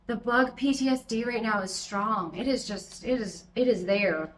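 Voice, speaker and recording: A young woman talks her way through her houseplant collection at home, loud and casual, often poking fun at herself. Her voice sits at an everyday middle pitch, and a faint background hiss runs underneath. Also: normal speed. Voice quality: loud, yelling from audio trouble. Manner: chatty, self-deprecating, rambling. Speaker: plant collector vlogger. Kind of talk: casual plant tour chat.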